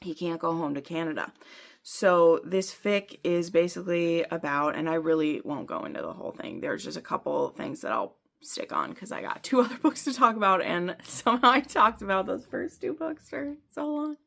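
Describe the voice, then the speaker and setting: Low gravelly woman chatting about books. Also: animated, normal speed, a bit bright. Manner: chatty, rambling, many fillers; laughs at herself often. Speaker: book vlogger. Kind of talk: casual book review chat.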